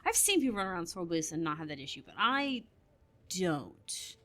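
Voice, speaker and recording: A woman's voice: on the low side, sing-song, normal speed, fairly bright tone. A woman chatting casually while playing a game, telling stories in a rambling way and laughing often. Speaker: gamer. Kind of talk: casual gameplay commentary.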